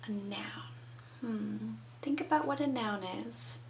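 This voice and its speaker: A woman's voice: fairly high pitch, slow, recorded from a distance, a little hiss or hum, low-quality recording. A woman teaching young children from home, patiently prompting them to answer. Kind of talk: children's lesson.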